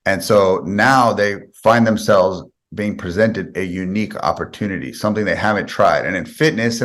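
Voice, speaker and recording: A man with a very low voice speaks as a guest on a podcast. He talks in an earnest, conversational way and builds his points through everyday examples, taking them one step at a time. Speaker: guest sales expert. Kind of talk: podcast interview answers.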